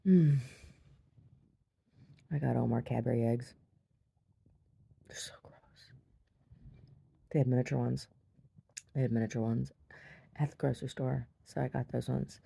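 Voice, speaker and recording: A woman telling a rambling story in her video diary, chatty and quick to laugh, often repeating herself. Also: a bass voice, fairly even intonation, vocal fry, dark tone, slightly rough. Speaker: video diarist. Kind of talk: casual storytelling to camera.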